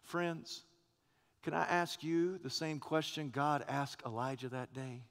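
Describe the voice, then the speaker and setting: A male pastor preaching a sermon, swinging from hushed whispers to loud, passionate declarations. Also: a little high, takes it slowly, big-room sound.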